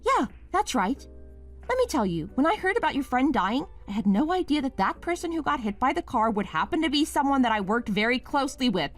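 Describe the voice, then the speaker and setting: A woman's voice: sits high, very animated, brisk, soft background music. A woman voicing a wife named Mia in a scripted drama, pleading at first and then sharply accusing her husband.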